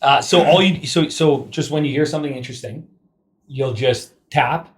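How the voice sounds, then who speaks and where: A man hosts a podcast in a casual interview chat, asking questions in an upbeat, enthusiastic, relaxed way. He has a mid-range voice and speaks at normal speed.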